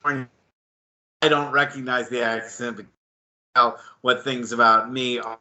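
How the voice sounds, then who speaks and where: A man's voice: mid-range voice, steady tone, takes it slowly, sharp tone, highs cut off. A man from the United States hosting an interview, asking curious and enthusiastic questions that tend to ramble. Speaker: interview host. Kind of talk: casual interview chat.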